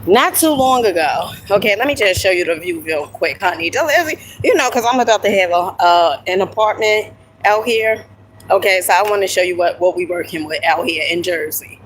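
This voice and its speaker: A woman filming a motivational vlog on her phone at an outdoor lookout. She talks emphatically, tosses in "okay?" and "honey" constantly, and breaks into excited whoops. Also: on the low side, moderate pace, a little hiss or hum, rough recording. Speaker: inspirational video creator.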